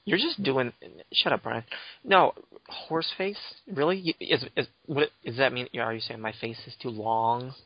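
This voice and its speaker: A young podcast host with a mid-range voice speaks at a normal speed in casual banter, rambling, teasing and playing mock-offended. The audio is dull, lo-fi and dry, with no room sound.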